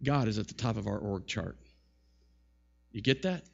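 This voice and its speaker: A man's voice: lowish voice, normal speed, vocal fry, muffled recording. A male pastor preaching a sermon emphatically, asking many rhetorical questions and often repeating words.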